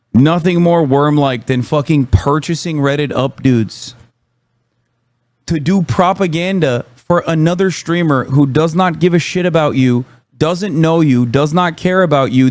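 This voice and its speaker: A man's voice: on the high side, moderate pace, darkish tone, no room sound. A man live-streaming, ranting about chat trolls in heated, profane, sarcastic commentary.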